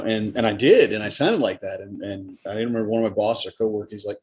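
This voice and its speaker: A man's voice: lowish voice, quick pace, a little mellow, breathy edge. A man with a Southern American accent, co-hosting a podcast in casual chat and acting out quotes as he tells stories. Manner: chatty storyteller, acts out quotes. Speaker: podcast co-host. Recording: dull, muffled sound.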